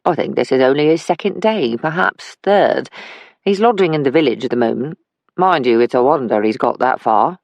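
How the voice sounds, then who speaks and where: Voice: mid-range voice, expressive, normal speed, vocal fry, no echo. A narrator voicing an older working-class father who talks plainly and kindly in an audiobook. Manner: plain, homely speech. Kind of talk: audiobook character voice.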